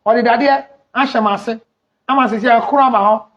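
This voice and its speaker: A middle-aged man with a Ghanaian accent, a counselor hosting an advice talk show, speaking loudly and teasingly with sudden shouts. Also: very high-pitched, fairly even intonation, a little fast. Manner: loud, teasing, breaks into shouts and acted quotes. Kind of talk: animated advice talk mixing English and Twi. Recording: dull lo-fi recording.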